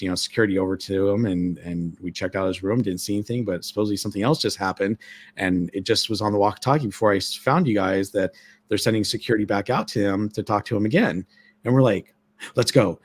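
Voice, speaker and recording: A man with a fairly low voice tells a ghost story in a casual live chat. He rambles, stacks up fillers, and acts out everyone he quotes in short bursts. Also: dry recording. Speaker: guest storyteller, former ship employee.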